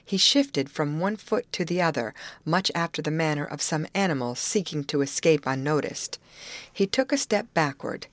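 A woman reading a classic novel aloud in a measured narrating style, lifting her voice for the characters' lines. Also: deep voice, animated, no echo. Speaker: audiobook reader. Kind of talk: scripted narration.

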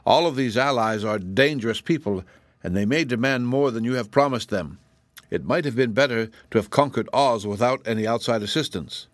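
A man's voice: mid-range voice, a little fast, no echo, close to an everyday voice. A man voicing a scheming, anxious gnome king in an audiobook, exclaiming and suspicious. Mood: worried. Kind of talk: audiobook character reading.

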